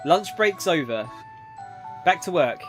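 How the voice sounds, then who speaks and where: A man voicing a brisk, businesslike male office boss. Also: a little high, expressive, over music.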